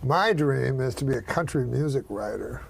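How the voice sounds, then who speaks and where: A man hosting a casual talk show, joking in a deadpan way and swearing freely. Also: medium pitch, normal speed, gravelly, breathy edge. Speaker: comedian and show host. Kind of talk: casual chat.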